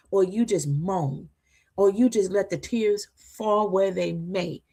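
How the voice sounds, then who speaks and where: A woman's voice: medium pitch, measured pace, creaky. A woman co-hosting a talk show, giving an inspirational faith talk in a conversational preaching manner, often asking "right?" to draw agreement. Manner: emphatic, repetitive, seeks agreement with "right?"; conversational preaching, addresses listeners as y'all.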